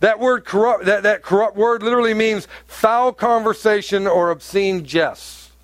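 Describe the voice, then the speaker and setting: Brief: male pastor, high voice, lively sermon delivery, dry close sound. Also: moderate pace, dry recording. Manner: animated preaching, rising to emphatic peaks.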